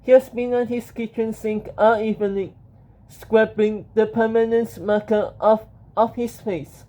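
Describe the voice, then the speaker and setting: Slow, mellow storybook narrator. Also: medium pitch, fairly even intonation, low-quality recording.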